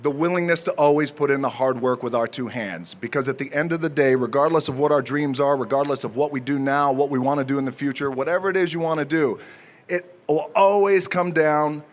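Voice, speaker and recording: Man giving a halting, jokey speech. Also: a little high, fairly even intonation. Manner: jokey, halting, speaks from the heart with many fillers. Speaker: honoree giving an acceptance speech. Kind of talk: unscripted ceremony speech. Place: outdoor ceremony before a crowd.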